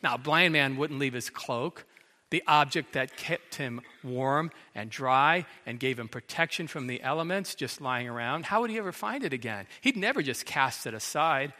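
Bright-voiced preacher in an echoing hall. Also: male voice, mid-range voice. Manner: dramatic storytelling, acts out quotes. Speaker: pastor. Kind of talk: sermon. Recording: long hall reverb.

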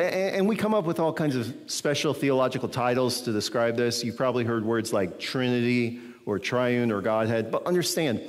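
A man's voice: mid-range voice, in a large hall. A man preaching a sermon as a pastor, teaching from scripture in a conversational way and often checking in with his listeners.

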